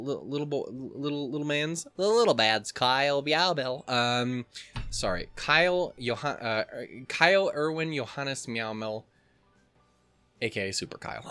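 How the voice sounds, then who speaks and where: A man hosting a let's play, chatting and reading in an excitable, jokey way with lots of swearing. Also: mid-range voice, dry recording. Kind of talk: casual let's play commentary.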